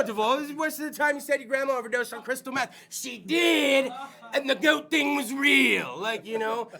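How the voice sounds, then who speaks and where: A rowdy, foul-mouthed podcast host with a very high voice and a sharp, bright edge. He talks in loose comic riffs and often breaks into shouts. There is a gravelly rasp underneath it all. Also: moderate pace. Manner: rowdy, profane, bursts into shouts. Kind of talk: loose comedic chat.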